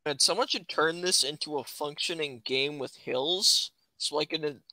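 A man's voice: on the high side, a little slow, bright, forceful tone, no echo. A man live streaming a game and joking with friends over voice chat. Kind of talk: casual gaming chat.

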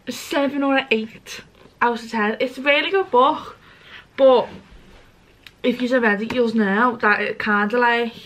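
A woman's voice: on the high side, a bit bright, poor audio. A young British woman chatting casually and rambling to camera, swearing freely. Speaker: vlogger. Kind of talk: casual vlog chat.

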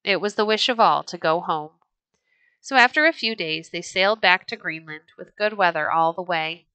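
A woman reading an old storybook aloud as narrator, in a gentle, measured way. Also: on the low side, smooth, no room sound.

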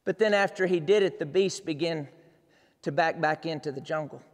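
A man preaching a sermon, telling a story with dramatic shouted roars and rising, fervent delivery. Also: a little high, normal speed, long reverb tail. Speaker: pastor.

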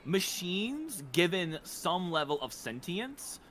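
Lively bright-voiced male game master. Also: sits high, slow, a little hiss or hum. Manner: casual, laughing, hunts for character voices. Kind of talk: narrating a tabletop game.

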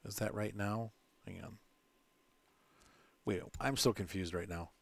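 A man's voice: on the low side, fairly even intonation, unhurried, gravelly, husky, dry recording. A man casually commenting on his own gameplay, thinking aloud and correcting himself as he plays. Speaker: let's play host.

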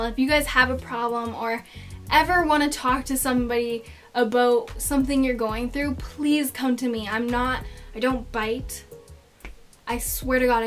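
A teenage girl chats casually in a get-to-know-me vlog, telling dramatic stories packed with "like" fillers. Her voice is high-pitched with a fairly bright tone.

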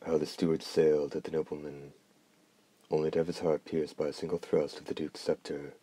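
A man narrating a dark fantasy novel in a measured, grave audiobook reading. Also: very deep voice, flat delivery, slightly rough, dry recording.

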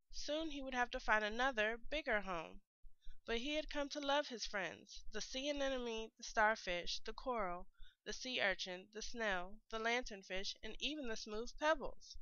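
A woman reads a children's picture book aloud, telling it clearly and expressively like a teacher. Her voice is bright, crisp and slightly high. The recording is dry and a bit dull. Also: moderate pace, no echo.

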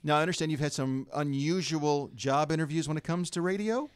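Fast-talking male radio host. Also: on the high side, clean tone, no echo. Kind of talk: casual radio interview. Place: radio studio. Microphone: studio microphone.

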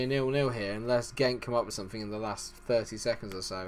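A man's voice: on the low side, a little fast, hardly any pauses, slight background noise. A man hosting a gaming channel, giving rambling, self-deprecating let's-play commentary.

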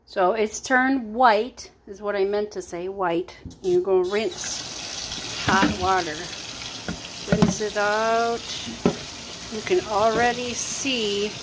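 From her kitchen, a woman vlogs casually about chores and cooking, filling her talk with fillers and side comments. Her voice is mid-range and her pace slow, with background noise present.

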